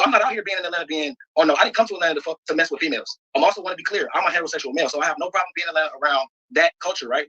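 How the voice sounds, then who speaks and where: A man's voice: fairly high pitch, sharp tone, husky, lo-fi sound. A man answering interview questions in an earnest, emotional way, explaining himself at length. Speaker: interview guest.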